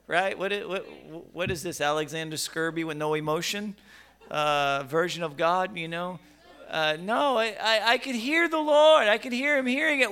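A middle-aged man preaching in a high, bright, crisp voice. He talks to his congregation like a conversation, stumbling over repeated words, then pushing into emphatic bursts. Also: unhurried. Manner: stammering restarts, rising to emphatic bursts. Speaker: pastor. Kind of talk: conversational sermon.

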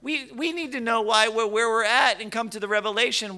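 High, bright-voiced preacher man. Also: a little slow. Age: middle-aged. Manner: stammering restarts, rising to emphatic bursts. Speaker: pastor. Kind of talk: conversational sermon.

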